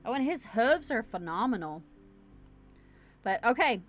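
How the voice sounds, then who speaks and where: A woman's voice: a little high, big pitch swings, a little slow, fairly bright tone, faint music behind. A woman hosting a casual livestream from home, chatting in a bubbly, rambling way straight to her camera. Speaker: livestream host. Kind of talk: casual live-stream chat.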